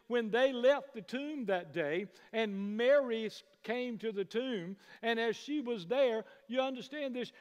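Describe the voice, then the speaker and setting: A man preaching a sermon as pastor, building from hushed passages to loud praise. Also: extremely high pitch. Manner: preaching, rising to shouts of praise. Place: church sanctuary. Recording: long hall reverb.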